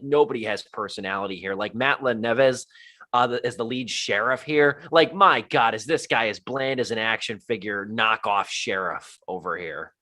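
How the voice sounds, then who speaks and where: A man co-hosting a movie podcast, talking as a film critic in a casual, wry and animated way. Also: mid-range voice. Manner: animated, wry, self-deprecating asides. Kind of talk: casual movie review chat.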